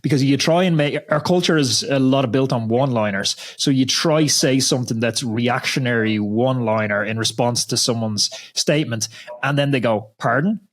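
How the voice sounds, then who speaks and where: A man's voice: medium pitch, normal speed. An Irish man hosting a podcast, chatty and full of anecdotes. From Ireland. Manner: chatty, anecdotal, laughs easily. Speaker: podcast host. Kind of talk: casual chat and storytelling.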